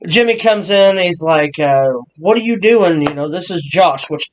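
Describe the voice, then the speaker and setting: A man co-hosting a casual wrestling review, excitable and full of halting restarts. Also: sits high, a little hiss or hum. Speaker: podcast co-host.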